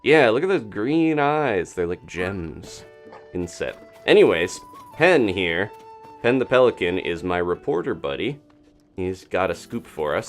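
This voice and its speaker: A man streaming a video game live, chatty and upbeat, laughing often and greeting his chat. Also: deep voice. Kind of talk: casual live-stream gameplay commentary.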